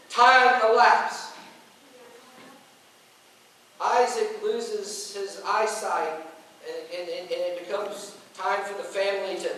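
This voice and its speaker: A man's voice: very high-pitched, a bit bright. A male pastor telling a story in a sermon, acting out the quoted lines and restarting his words often. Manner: retelling a story with quoted voices and frequent restarts. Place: church sanctuary. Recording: very echoey church room, mic far off.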